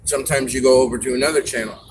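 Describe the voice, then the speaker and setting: A man's voice: mid-range voice, fairly even intonation, very fast, slight background noise, low-quality recording. A man hosting a live stream, chatting casually and giving advice, rambling a little with fillers.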